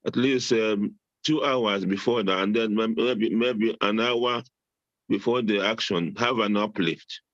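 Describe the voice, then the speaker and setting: A man's voice: fairly low pitch, unhurried, fairly bright tone, no echo, highs cut off. An older man chatting as a guest, repeating words often and chuckling jovially about supplements. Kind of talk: casual interview talk.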